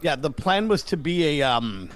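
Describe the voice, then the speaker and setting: A middle-aged man, a comedian guest, telling stories in a casual interview and acting out the dialogue with lively voices. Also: fairly high pitch, normal speed. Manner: energetic, acts out dialogue with voices.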